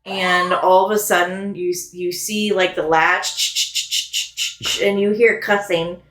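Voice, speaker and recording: A woman's voice: on the low side, steady tone, slow pace, a bit bright, echoey room. A woman narrating a tabletop game as game master, rambling with many fillers.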